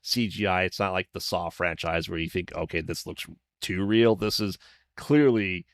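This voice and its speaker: A man's voice: low voice, moderate pace, dry recording, clean studio sound. A man hosting a podcast, chatting casually and easygoing, with frequent restarts and agreeing remarks. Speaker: podcast host. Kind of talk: casual conversation.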